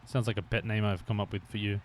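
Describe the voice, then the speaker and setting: A man's voice: on the low side, flat delivery, quick pace, a little hiss or hum. A man streaming a video game live, chatting casually and thinking aloud with fillers, from Australia.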